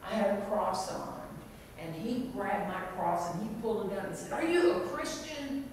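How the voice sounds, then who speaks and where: A woman's voice: medium pitch, moderate pace, a little mellow. Older woman telling a story in an echoey hall. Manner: earnest, conversational, acts out quoted voices. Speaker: priest giving a talk. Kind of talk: personal storytelling talk. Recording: echoey hall reverb from far off, faint noise.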